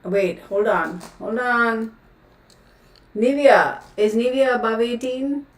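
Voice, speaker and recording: Taking it slowly in a voice on the high side, a tarot-reading livestream host chats casually and rants with blunt exasperation, using many fillers. The distant microphone makes the recording sound roomy.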